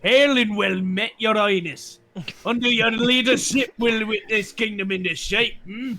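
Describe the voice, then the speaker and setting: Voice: medium pitch, a little slow, bright, forceful tone, slight background noise. A streamer voicing a bluff, mock-Scottish noble in a live-streamed game. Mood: hearty.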